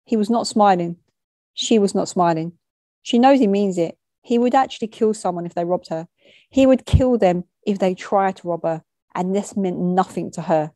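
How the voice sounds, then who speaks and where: A woman reading a short story aloud, measured and matter-of-fact, dropping street slang into the narration. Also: medium pitch, mellow, no echo.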